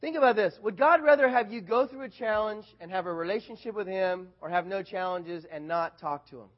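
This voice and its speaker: High-voiced animated preacher, lo-fi sound. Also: male voice, brisk. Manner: animated, shifts from loud bursts to quiet asides. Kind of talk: casual sermon.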